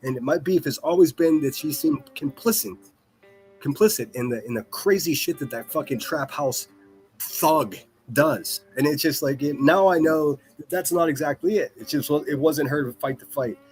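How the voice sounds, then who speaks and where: A man's voice: on the high side, normal speed, a little mellow, soft background music. A man hosting a livestream, ranting in a profane, mocking and rambling way, often repeating himself. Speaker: livestream commentary host.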